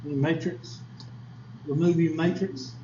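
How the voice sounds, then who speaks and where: A man with a slightly high voice teaches a statistics class, folksy and chatty, tossing questions at his students. The sound is echoey and a bit dull, recorded in a classroom with faint background noise. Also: fairly even intonation, measured pace, dark tone. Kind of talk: classroom lecture.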